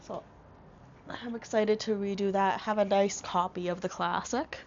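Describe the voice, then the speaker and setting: A woman's voice: mid-range voice, fairly even intonation, measured pace, muffled recording. A young woman with a stuffy, congested voice chatting casually in a vlog, rambling with lots of fillers and restarts. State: congested from a cold. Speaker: vlogger. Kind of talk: casual book haul vlog. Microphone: small wireless clip-on mic.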